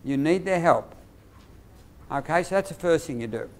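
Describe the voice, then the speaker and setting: A man teaching behaviour management to teachers, acting out classroom dialogues in a lively way. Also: a little high, moderate pace. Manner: lively, demonstrative, acts out dialogues. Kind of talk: teacher training workshop.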